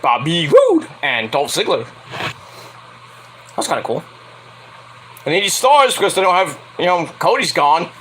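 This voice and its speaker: A young man talks through a wrestling show in a loose, rambling review, laughing and slipping into shrill impressions. His voice sits a little high and swings lively, with a bright, sharp edge. A faint hiss of noise runs under it. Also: a little slow, pauses often, poor audio. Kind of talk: casual solo review vlog.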